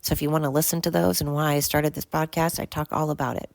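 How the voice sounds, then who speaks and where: Older woman, low voice, blunt ranting podcast host, dry close sound. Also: little pitch movement, fast, vocal fry, darkish tone, dry recording. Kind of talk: solo podcast monologue.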